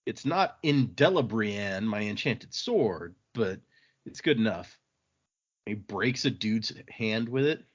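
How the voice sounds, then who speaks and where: A man's voice: fairly low pitch, expressive, slow pace, muffled recording. A man hosting a podcast, casually recapping a novel's chapters with fillers and a loose, chatty manner. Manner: rambling, with fillers and laughs, acting out quotes. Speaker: podcast host.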